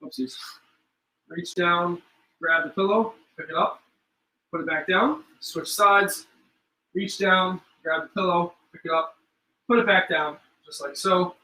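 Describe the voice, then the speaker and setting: A man's voice: high voice, fairly even intonation, unhurried, long pauses, bright, forceful tone, reverberant, recorded from a distance, rough recording. A young man leading a live-streamed home workout as a fitness instructor, counting reps aloud and joking between sets.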